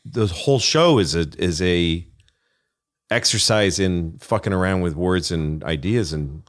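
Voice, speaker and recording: Low-voiced man telling comedy stories. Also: a little slow. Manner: storytelling, profane, acts out quoted voices. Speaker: comedian guest. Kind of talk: casual chat.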